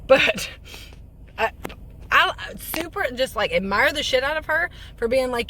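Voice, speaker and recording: A woman's voice: high voice, lively intonation, a little slow, sharp tone, a little hiss or hum. Blunt, foul-mouthed woman vlogging casually. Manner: blunt, heavy swearing, chatty asides. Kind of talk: casual vlog chat. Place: parked car.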